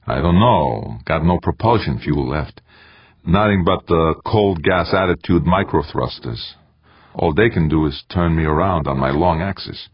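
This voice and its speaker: A man's voice: rumbling low, expressive, measured pace, slightly rough, no room sound, exaggerated voice. A man voicing a wry male astronaut adrift in space, talking in a casual joking way. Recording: dry, slightly dull lo-fi sound.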